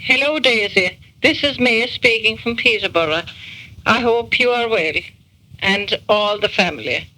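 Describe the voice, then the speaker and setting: A woman's voice: fairly high pitch, expressive, measured pace, pushed and bright, low-quality recording. A woman recording a spoken message to family, hesitating often with ums and uhs.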